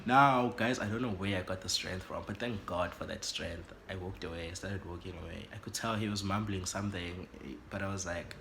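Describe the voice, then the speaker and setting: A South African man telling an animated, dramatic story for his vlog, switching languages. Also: low-pitched, moderate pace, gravelly, hardly any pauses, slight background noise. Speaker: YouTuber.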